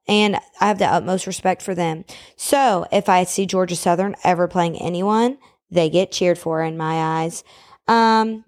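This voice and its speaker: A woman's voice: fairly low pitch, a little mellow. A young woman hosting her own podcast from home. She rants casually and bluntly, with plenty of fillers. She sounds a little hot and sweaty as she talks. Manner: brash, chatty, opinionated, lots of fillers. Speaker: podcast host. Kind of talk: casual solo podcast rant.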